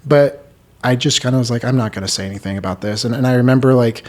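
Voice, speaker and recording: A man's voice: mid-range voice, steady tone, rapid-fire, darkish tone. A man in his thirties, a podcast host, candidly telling a personal story in an earnest, rambling way full of "like". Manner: earnest, rambling, heavy use of "like".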